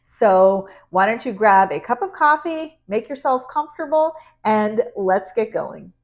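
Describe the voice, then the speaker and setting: A woman's voice: on the high side, lively intonation, unhurried. A woman from Vermont talking casually and upbeat to the camera as a vlog host. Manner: chatty, upbeat, inviting.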